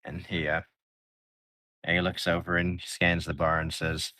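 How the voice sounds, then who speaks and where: Guy game master, deep bright voice, dry close sound, casual narrating. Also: monotone, measured pace, pauses often, dry recording. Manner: casual, voices several characters. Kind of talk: narrating a tabletop role-play.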